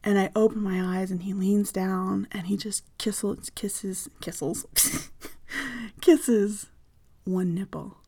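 Woman, intimate storytelling, unhurried delivery, breathy half-whisper. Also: mid-range voice. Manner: soft, slow, often drops into a breathy whisper.

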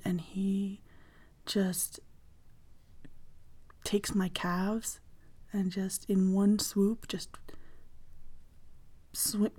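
Woman, intimate storytelling, unhurried delivery, breathy half-whisper. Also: medium pitch. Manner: soft, slow, often drops into a breathy whisper.

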